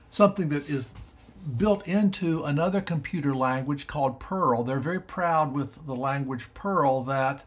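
A man teaching math on a screencast, explaining step by step in an unhurried way and often stopping to rethink his wording. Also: a little high. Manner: thinking aloud with frequent fillers and restarts. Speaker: math educator.

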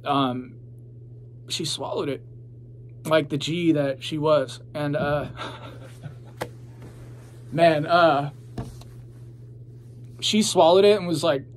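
A man's voice: a little high, very slow, long pauses, a little hiss or hum. A young man telling his own story in a casual, rambling, profane way, full of fillers.

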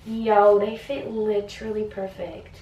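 A chatty young woman talks through an unboxing vlog at home, gushing over each item. She sits back from the camera in a roomy, echoey space. Steady household noise runs behind her voice. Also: medium pitch, measured pace, distant mic, highs cut off. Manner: chatty and gushing, lots of "like" and "oh my god". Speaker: beauty vlogger. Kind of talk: casual vlog chat while unboxing.

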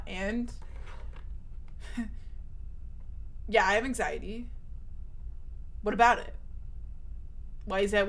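A woman's voice: medium pitch, bright, forceful tone. A young woman streaming, chatting casually, emphatic and swearing often, her voice shooting up when she gets worked up.

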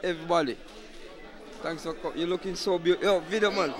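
Brief: high-voiced Jamaican promoter, loud patois shout-outs. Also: male voice, fast talker, crowd noise. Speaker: party promoter interviewing guests. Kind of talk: shouting out guests at a party.

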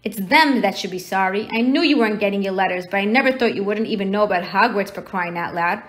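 A woman reading aloud and voicing a huge, gruff, jolly man with a rough rustic dialect and a quick temper, raised in pitch. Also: close to an everyday voice. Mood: angry, booming.

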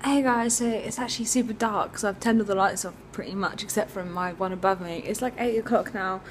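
A young woman talks casually to a handheld camera, rambling along with plenty of ums and likes. Her pitch sits right in the middle for a woman. A faint hiss of noise runs under the recording. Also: steady tone, fairly quick. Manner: chatty, rambling, lots of fillers. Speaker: vlogger.

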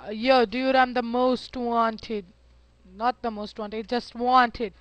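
A man giving casual gameplay commentary, excitable and talking to himself as he plays. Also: very high-pitched, slow, clean tone, no room sound. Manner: excitable, yelps and talks to himself while playing. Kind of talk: casual let's-play commentary.

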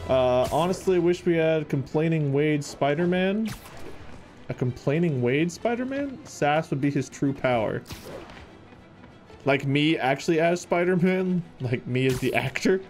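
A man's voice: a little high, animated, a little slow, a little mellow. Guy from ohio streaming a game, chatty, reads chat, faint music. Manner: chatty, reads out viewer messages. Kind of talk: casual live-stream chat.

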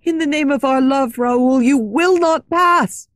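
Woman doing a sad gentle young singer, soft pleading voice, slightly raised pitch, storybook. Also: measured pace, no echo.

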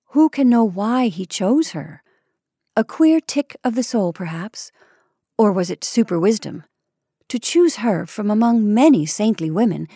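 A woman's voice: medium pitch, darkish tone, no echo. Woman reading a story, dry close sound. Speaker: story reader. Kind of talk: scripted narration.

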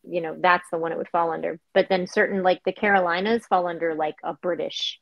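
A woman with a gravelly, lowish voice explains things matter-of-factly. Her sound is muffled and lo-fi, and dry, with no room echo. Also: steady tone, a little fast. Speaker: panelist. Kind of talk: casual discussion.

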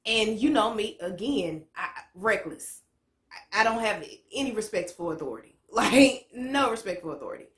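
A woman's voice: medium pitch, lively intonation, normal speed. A woman in her late twenties telling a story to camera as a vlogger, blunt and profane, full of slang. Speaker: motivational vlogger. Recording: echoey room.

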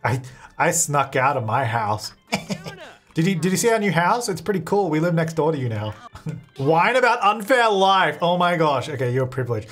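A man talking his way through a life-sim game in casual let's-play commentary, his voice sitting a little high and bouncing up and down as he goes. He is chatty and playful, laughing often and answering the game's characters back. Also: very animated, normal speed, fairly bright tone. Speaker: gaming video creator.

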